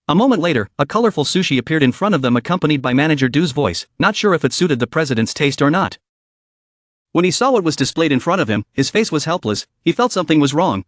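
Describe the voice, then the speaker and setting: A man narrates a comic story recap in an even, steady reading. His voice sits slightly high and sounds dry and close to the mic. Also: fairly quick, no echo.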